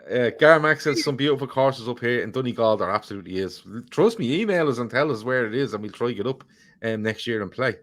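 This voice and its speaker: A man's voice: medium pitch, animated, quick pace, a bit bright. A man co-hosting a casual football podcast, rambling, swearing freely and joking as he reads viewer comments. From Ireland. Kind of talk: casual chat.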